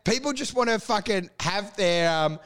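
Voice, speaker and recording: A man co-hosting a comedy podcast, swearing freely and bursting into shouted impressions. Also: sits high, expressive, normal speed. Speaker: podcast co-host. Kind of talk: casual comedic chat.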